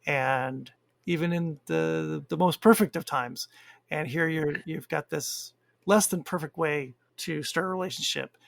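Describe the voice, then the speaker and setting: A man's voice: fairly high pitch, creaky, a bit bright, dry recording. A man co-hosting a casual podcast, talking over a show in a thoughtful, reflective way. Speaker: podcast co-host. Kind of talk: casual chat.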